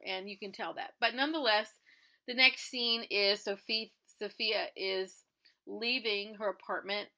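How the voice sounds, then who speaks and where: A woman's voice: mid-range voice, bright, forceful tone. A woman who resells clothing, chatting through a TV episode recap and acting out the characters' lines as she retells them.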